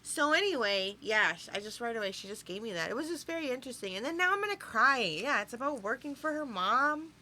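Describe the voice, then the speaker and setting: Bright-voiced gushing woman co-host. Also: fairly high pitch, expressive, fast talker, few pauses. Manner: emotional, gushing. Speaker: co-host guest. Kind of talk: casual reaction chat.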